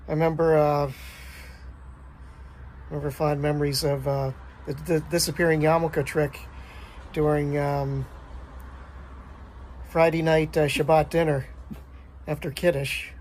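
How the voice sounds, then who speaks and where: Guy wishing his dad happy bday, kinda high voice, faint hum. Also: a little mellow. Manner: fond reminiscing, hesitant with uhs. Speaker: son. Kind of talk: recorded birthday greeting.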